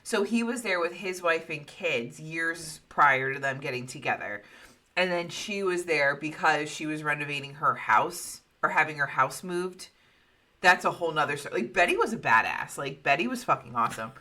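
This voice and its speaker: Brief: chatty, profane woman storyteller in her 30s with a forceful tone. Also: deep voice, expressive, normal speed. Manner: chatty, profane, laughing asides. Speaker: podcast host. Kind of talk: casual storytelling.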